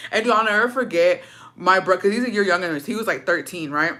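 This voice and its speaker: Bright-voiced young woman telling a story. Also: medium pitch, fairly quick. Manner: profane, slangy, mixes in Spanish phrases; animated, dramatic retelling. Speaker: storytime vlogger. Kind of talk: casual storytime.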